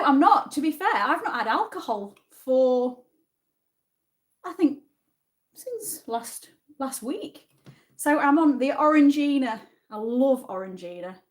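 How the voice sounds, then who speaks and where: A woman with a northern English accent hosts a relaxed livestream, chatting freely and reading viewers' comments aloud. She talks in an easygoing, friendly way and answers viewers as if they were in the room with her. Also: sits high, unhurried. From Yorkshire, England. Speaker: livestream host. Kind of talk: casual livestream chat with a quiz.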